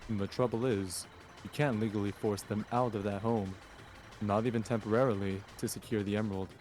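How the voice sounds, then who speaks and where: A man voicing a measured lawyer who explains things calmly. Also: fairly low pitch, natural voice. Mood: explaining. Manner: calm, explanatory.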